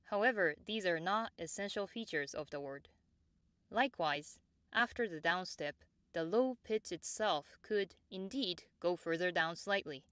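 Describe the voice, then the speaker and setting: Woman, pronunciation teacher, slightly low-pitched, unhurried and exact, dry close mic. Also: animated, a bit bright, dry recording. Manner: measured and precise, models example words slowly and repeats them. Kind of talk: slow, clear instructional explanation.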